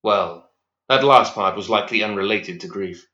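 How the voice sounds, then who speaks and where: A man reading a dark story aloud in a measured, even storytelling voice. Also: on the low side. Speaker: narrator. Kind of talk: scripted audiobook narration. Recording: echoey, slightly dull recording.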